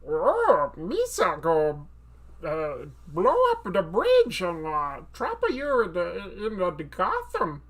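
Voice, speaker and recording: Clumsy alien creature gone villain, halting, slow, raised pitch, as a man puts it on. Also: huge pitch swings, a bit bright, exaggerated voice. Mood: scheming. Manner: halting, slow, mangled grammar.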